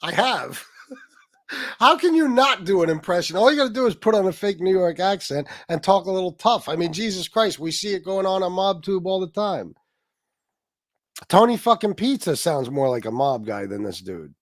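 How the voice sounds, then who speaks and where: A livestream host rants in blunt, profane commentary, rambling through fillers. His voice is a little higher than most men's. The sound is close and dry, with no room around it. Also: expressive, normal speed, no echo. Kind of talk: ranting commentary.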